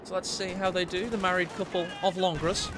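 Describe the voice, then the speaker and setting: A man doing live game commentary, excitable and cheeky, teasing his co-caster. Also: high-pitched, brisk, slight background noise. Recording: loud game battle sounds behind.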